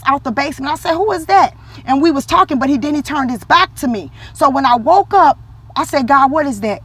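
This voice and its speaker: A woman's voice: high voice, slightly rough, no room sound. A woman telling a personal faith story in casual vlog talk, acting out quotes with animation. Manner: animated, acts out quotes in a lively voice, religious talk. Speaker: vlogger.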